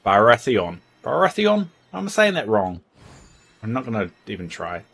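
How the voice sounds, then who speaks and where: A man's voice: on the low side, huge pitch swings, moderate pace, vocal fry, a bit bright, slightly rough. A man chatting casually on a livestream from home, rambling and tripping over his words as he reads out donations. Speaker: streamer. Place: home, indoors.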